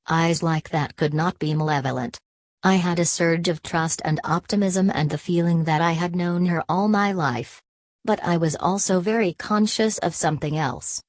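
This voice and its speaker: Low-voiced woman narrating an audiobook. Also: a little mellow, no echo. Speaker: audiobook reader. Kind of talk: first-person audiobook narration.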